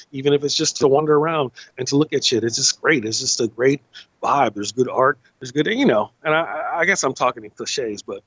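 A man with a Californian Black American accent, hosting a podcast and rambling along in casual, easygoing talk. His voice sits a little high. The dry, slightly muffled recording has no room sound. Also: a bit bright, dry recording. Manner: laid-back, repeats himself, says man and you know. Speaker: podcast host.

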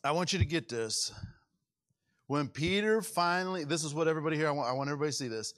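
Pastor, male, fairly high voice; dramatic sermon delivery, rises to loud peaks and drops to near-whispers. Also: quick pace. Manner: dramatic, swings from loud high peaks to hushed low tones; acts out quoted voices within the sermon.

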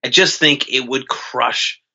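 A man co-hosting a comedy podcast, giving blunt, halting advice with many restarts. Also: mid-range voice, pushed and bright, muffled recording. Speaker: podcast co-host.

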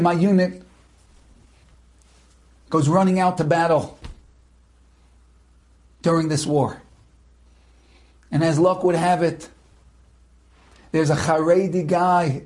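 A man with a high voice tells an inspirational story. He builds to loud, impassioned shouts at the tense moments. At the quiet moments he sinks to a near whisper. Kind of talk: dramatic storytelling.

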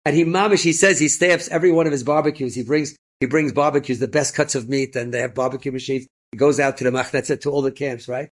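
A rabbi tells inspirational stories in a slightly husky voice. His pitch sits in a middle range for a man. He grows animated and pushes into excited emphasis, laughing as he goes. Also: fast talker, hardly any pauses. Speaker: rabbi and storyteller. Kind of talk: inspirational storytelling talk.

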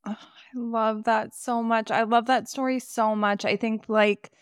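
A woman hosting a podcast who interviews her guest and answers warmly, offering reflective comments. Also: fairly high pitch, steady tone, measured pace, clear, resonant tone, no room sound, studio quality. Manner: warm and affirming, fond of reflective comments. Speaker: podcast host.

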